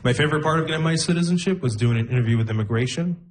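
Deadpan stand-up comedian man, slightly high. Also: very fast. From immigrant to Canada. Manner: deadpan storytelling, breaks into laughter, acts out voices. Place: comedy club stage with audience.

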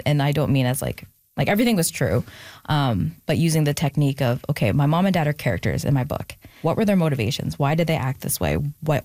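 Candid and reflective, a young woman author opens up about her family as an interview guest, her emotion surfacing before she laughs it off. Her voice sits low and is a little mellow, captured in clean studio sound without echo.

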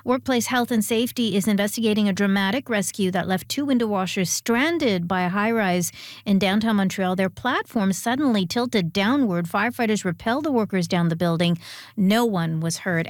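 A woman reading a radio news bulletin and weather forecast in a measured, crisp way. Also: medium pitch, animated, dry recording. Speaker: newsreader. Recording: dry studio sound.

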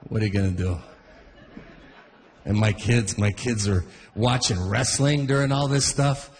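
A middle-aged comedian, voice on the low side and steady in tone, takes his time during a stand-up set in a large hall with background noise. He meanders through stories and frequently interrupts his own sentences.

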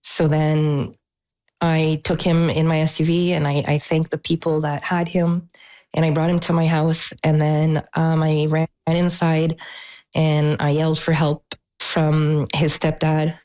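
A woman, a mother, telling a news interviewer what happened, haltingly and with pauses. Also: low-pitched, flat delivery, mellow, poor audio. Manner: halting, emotional recounting with pauses. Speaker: mother of an assault victim.

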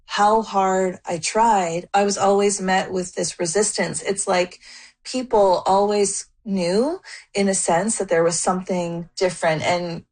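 A woman's voice: mid-range voice, steady tone, unhurried, a little mellow. A woman in her forties telling a personal story emphatically, with some stumbles and restarts. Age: 40s. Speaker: interview guest.

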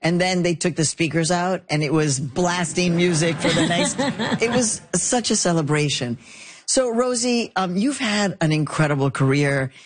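A woman's voice: on the low side, animated, normal speed. A woman co-hosting a podcast in casual chat, talking freely, laughing often and slipping in Spanish phrases. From Mexican. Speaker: podcast co-host.

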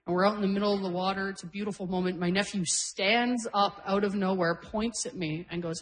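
A woman's voice: medium pitch, steady tone, a little fast, few pauses, a little hiss or hum, poor audio. Brash woman in her forties doing stand-up. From Canada. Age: 40s. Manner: brash, self-deprecating storytelling. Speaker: stand-up comedian. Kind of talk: stand-up comedy set. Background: audience laughter.

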